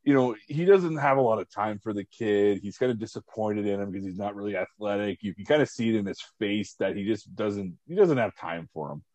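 A man's voice: lowish voice, brisk, few pauses, a little mellow, dry recording, dull audio. A man hosting a casual podcast, chatting about movies and sports and rambling with many fillers. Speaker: podcast host.

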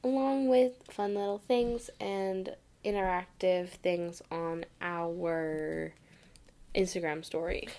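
A young woman co-hosting a podcast, casually and excitedly retelling a movie and acting out the lines. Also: fairly low pitch, takes it slowly. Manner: animated, excited retelling with acted-out quotes. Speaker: podcast co-host.

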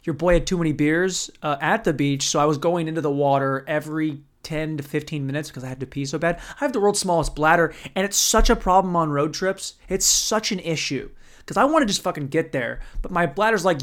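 Man, stand-up comic, profane, rambling, bro-ish, somewhat high voice. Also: brisk. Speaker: stand-up comedian. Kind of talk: stand-up storytelling.

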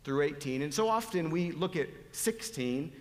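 A man preaching a sermon, dropping to hushed whispers and rising to loud, pleading appeals. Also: fairly high pitch, animated, moderate pace. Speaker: pastor. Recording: long hall reverb.

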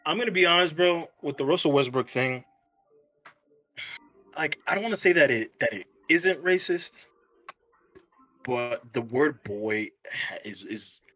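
Husky, bright-toned man, laid-back chat. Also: on the high side, expressive, measured pace, pauses often, soft background music. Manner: loose and conversational, says "bro" and "man". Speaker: podcast co-host. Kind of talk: casual sports chat.

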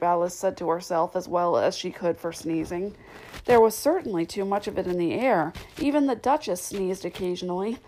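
A woman's voice: mid-range voice, a little mellow, rough recording. Woman reading a storybook aloud. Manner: measured, clear storytelling with occasional slips. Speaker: narrator. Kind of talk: audiobook reading of a classic novel.

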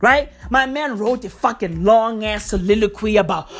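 A woman's voice: mid-range voice, normal speed, hardly any pauses, soft background music. A woman from South Africa delivering a heated, swearing comedic rant full of slang and repetition. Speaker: comedic ranter.

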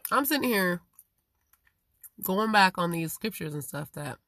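A woman with a low, gravelly voice delivers a rambling, profane monologue. She swings from loud, emphatic bursts to low mutters. The sound is dry and close, with no room echo. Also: lively intonation, measured pace.

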